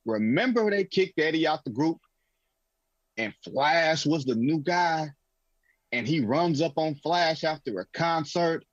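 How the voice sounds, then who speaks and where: A man co-hosting a casual sports talk show, telling animated stories and acting out what players were thinking. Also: fairly high pitch, a little slow, no room sound, dull audio. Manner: animated storyteller, acting out quotes.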